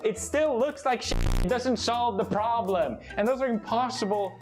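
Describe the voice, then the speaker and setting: A man's voice: very high-pitched, moderate pace, faint music behind. A European man delivering a comedic, sarcastic rant full of swearing. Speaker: comedy YouTuber.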